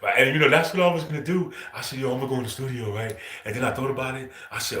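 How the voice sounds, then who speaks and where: A man's voice: mid-range voice, fairly even intonation, racing, pushed and bright. Casual man saying "bro" constantly, echoey. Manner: loose, profane, says "bro" constantly, chuckles often. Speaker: livestream host. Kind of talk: casual livestream monologue.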